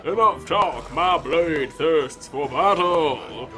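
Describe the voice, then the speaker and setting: A man's voice: on the high side, takes it slowly, bright, forceful tone, soft background music. A man voicing a pompous, boastful old male warrior with grand, theatrical delivery while reading game dialogue aloud.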